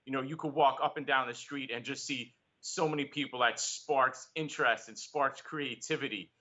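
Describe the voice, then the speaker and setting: A man, hosting an interview and asking questions in a measured, encouraging way. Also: mid-range voice, fairly even intonation, sharp tone. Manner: measured, encouraging, brief affirmations. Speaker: podcast host. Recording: dull lo-fi call audio.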